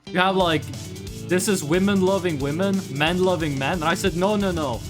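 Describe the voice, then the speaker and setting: A man from Norway, chatting to viewers during a live game stream in an animated, joking, rambling way. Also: high voice, normal speed, over music.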